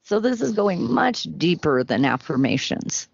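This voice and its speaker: Woman coach, unhurried and earnest, slightly low voice; dry, muffled recording. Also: big pitch swings, creaky. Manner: slow, earnest, coaching delivery. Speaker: soulmate coach. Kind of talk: podcast interview. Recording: dry, dull lo-fi sound.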